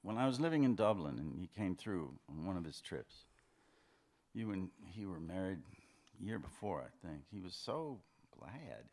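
A man's voice: deep voice, sing-song, moderate pace, darkish tone, exaggerated voice. Andy, a man reading an insecure, pleading lover. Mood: hurt. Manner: hesitant and pleading, stammers. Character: insecure, anxious man in a secret affair. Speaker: reader of a story's dialogue. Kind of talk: live fiction reading.

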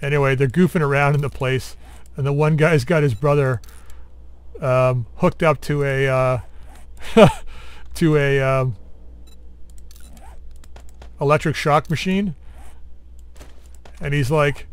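A man with a voice of ordinary middle pitch talks through his gameplay in a loose, rambling way. He mumbles to himself while doing two things at once and throws teasing remarks at the zombies. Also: fairly even intonation, measured pace, long pauses, clean tone, no room sound. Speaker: gaming channel host. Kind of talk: casual let's-play commentary.

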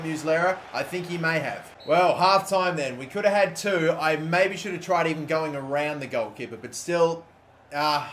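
Brief: young male gaming YouTuber, upbeat live play-by-play, slightly high voice, chatty asides that erupt into shouting. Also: a little hiss or hum. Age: 20s. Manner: excitable, bursts into loud shouting over goals; chatty, muttering asides between plays. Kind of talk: live video game commentary.

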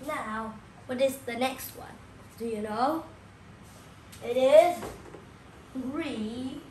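A woman speaks very slowly as she teaches young children, saying each new word again and again and checking in with questions. Her voice sits a little high. The room is echoey, with a faint hum of ambience behind her. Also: darkish tone. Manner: repeats key words slowly, asks the listener questions. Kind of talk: slow classroom explanation for young children.

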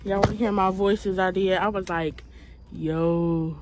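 A woman's voice: mid-range voice, fairly even intonation, moderate pace, a crowd in the background, rough recording. A young woman chatting casually to her phone camera on a porch at night, slangy and laid-back. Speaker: vlogger.

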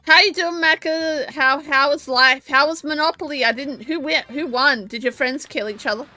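A drunk woman streaming from home, talking loudly, rambling and giggling at a desk mic. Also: high voice, normal speed, faint music behind. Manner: loud, rambling, laughing. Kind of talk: casual live-stream chat. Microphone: desk microphone.

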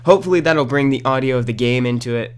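A man giving casual, rambling gameplay commentary at home into a new desk microphone, breaking into loud outbursts at the game. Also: mid-range voice, quick pace, clean tone. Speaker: gaming commentator. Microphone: new desk condenser microphone.

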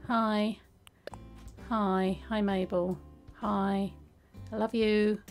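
A woman chatting casually while playing a game, with many restarts and a soft, hesitant way of talking. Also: medium pitch, level tone, extremely slow, faint music behind, poor audio. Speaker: gaming video creator. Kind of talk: casual gameplay commentary.

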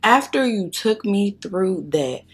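A woman's voice: mid-range voice, animated, slow pace, slightly rough. A young woman doing a makeup tutorial while telling a blunt, profane story straight to her viewers. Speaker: makeup vlogger.

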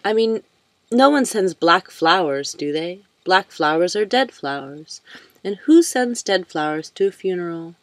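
A woman voicing a cheerful, eccentric woman nearly eighty, chatting brightly and a little louder than her narration. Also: lowish voice, expressive, unhurried, no echo. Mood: lively.

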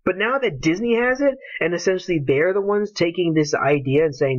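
Ranting man, cursing, passionate, fairly high voice, dull lo-fi sound. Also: expressive, moderate pace, no room sound. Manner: angry, profane, passionate. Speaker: YouTuber ranting about a game. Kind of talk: heated solo rant. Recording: dull lo-fi home recording.

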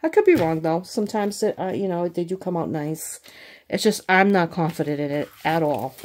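Lowish-voiced woman, kinda tired, rambling through an unboxing, faint hiss and crinkly packaging behind. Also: animated, moderate pace, darkish tone. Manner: chatty, rambling, thinks aloud with restarts. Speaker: crafting channel host. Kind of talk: casual unboxing chat.

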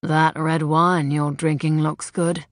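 A woman voicing a wealthy, predatory man who speaks in a slow, low, smug drawl in an audiobook. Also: flat delivery, dry recording, clean studio sound. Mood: smug, leering. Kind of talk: audiobook character voice.

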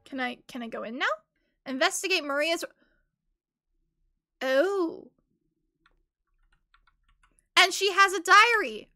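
Woman, young adult, game streamer, high voice, excitable, giggly, casual chatter. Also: slow, long pauses. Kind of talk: casual live gameplay commentary.

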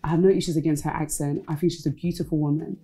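A woman's voice: low voice, steady tone, rapid-fire, warm tone, low-quality recording. A woman, a former reality show contestant, talking frankly in a casual interview and slipping Igbo phrases into her English.

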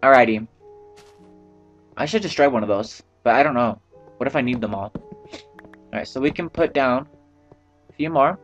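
A man's voice: medium pitch, normal speed, long pauses, muffled recording, faint music behind. A man giving casual let's-play commentary, rambling to himself and swearing freely. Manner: rambling, profane, talks to himself. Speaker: gameplay commentator.

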